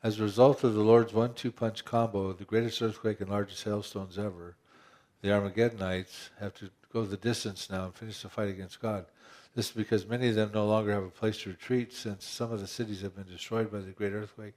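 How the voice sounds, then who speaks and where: A man's voice: lowish voice, level tone, fairly quick, darkish tone. A man pastor preaching a conversational sermon, asking rhetorical questions and often restarting his phrases.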